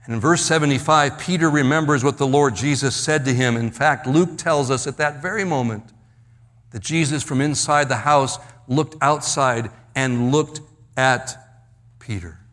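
A man preaching a verse-by-verse sermon, slowing down and dropping his voice low to stress key words, often repeating himself. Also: a bit bright. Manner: slows and drops low for emphasis, repeats words. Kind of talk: expository sermon.

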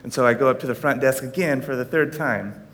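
A man's voice: fairly quick, fairly bright tone. A man preaching a sermon, telling a personal story with frequent self-deprecating chuckles. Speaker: pastor. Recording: reverberant hall, faint rumble.

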